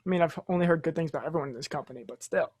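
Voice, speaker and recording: A man hosting a podcast in casual chat, playful, excitable and jokey. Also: fairly high pitch, rapid-fire, husky, no room sound. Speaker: podcast host.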